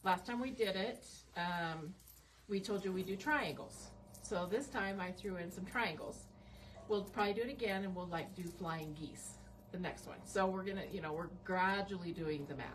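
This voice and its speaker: A woman's voice: on the low side, normal speed, recorded from a distance, slight background noise, rough recording. A woman teaching a quilting lesson on a live stream, explaining in a friendly, casual way. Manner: friendly, explanatory, laughs often.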